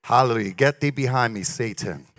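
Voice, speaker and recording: A pastor delivers a lively sermon with his voice swinging wide, shouting at the peaks and dropping into mocking asides. His voice sits very high and sounds bright and sharp. The sound is dry and close. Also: moderate pace, no room sound.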